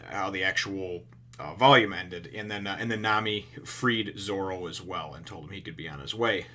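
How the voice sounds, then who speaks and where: A man's voice: low-pitched, bright, forceful tone. A man casually talking through a comic chapter for his channel, rambling with lots of fillers and restarts and swearing freely. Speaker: video reviewer. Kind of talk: casual chat.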